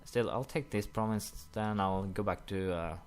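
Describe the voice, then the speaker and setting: A young man commenting casually while playing a strategy game, rambling with many fillers and quick apologetic asides. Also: on the low side, clear, resonant tone. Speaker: gaming commentator. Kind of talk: casual let's-play commentary.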